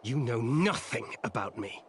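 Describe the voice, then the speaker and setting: A man's voice: mid-range voice, animated, measured pace, slight background noise, natural voice. An actor playing a stern, weary man hardened by loss in a video game cutscene, speaking in grave, clipped lines.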